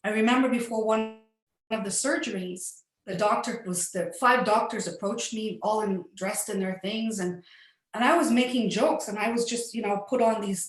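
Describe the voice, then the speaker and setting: A middle-aged woman telling a personal story in an earnest, upbeat way, laughing often. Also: mid-range voice. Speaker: facilitator. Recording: echoey room.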